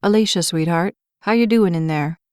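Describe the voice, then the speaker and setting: A woman's voice: lowish voice, normal speed, darkish tone, clean tone, dry recording, studio quality, natural voice. A woman reading a soothing male firefighter. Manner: soothing, patient, reassuring. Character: calm, gentle young male firefighter.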